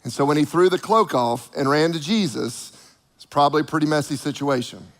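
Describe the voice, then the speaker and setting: Male preacher, high voice, lively delivery with acted-out voices, long hall reverb. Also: fairly quick. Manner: animated, acts out the voices of people he quotes. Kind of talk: sermon.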